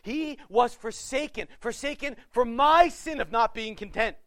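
A male pastor preaching a sermon with passion, swinging between loud urging and hushed pleading. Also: extremely high pitch, unhurried, no room sound.

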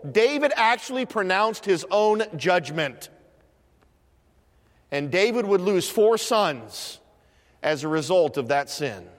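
A man preaching a sermon, swinging between loud, high proclaiming and hushed, low asides. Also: expressive, slow, long pauses. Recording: long reverb of a church hall.

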